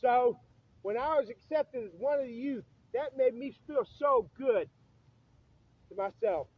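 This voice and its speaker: High-pitched, profane man in his fifties, a bitter outdoor vlog rant at night, muffled dry audio. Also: measured pace, dry recording. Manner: profane, bitter, repeats himself. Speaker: vlogger. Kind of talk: angry rant to camera. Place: outdoors at night beside a church.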